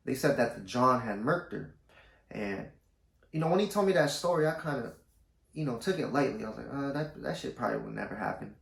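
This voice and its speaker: A man telling a personal story to camera in a casual, slangy, low-key way. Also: gravelly. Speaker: vlogger. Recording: roomy echo.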